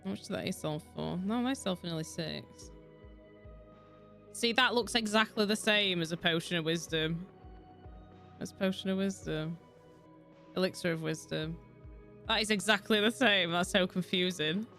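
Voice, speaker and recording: A young Yorkshire woman from England streams a game, chatting casually and rambling, swearing freely and laughing often. Her lowish voice moves at normal speed but pauses often, and soft music plays behind her.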